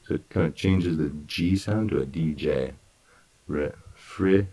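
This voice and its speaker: A man teaching an English grammar lesson, repeating words slowly and breaking sentences into parts. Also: a bass voice, warm tone, breathy edge, low-quality recording. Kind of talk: slow, deliberate grammar lesson.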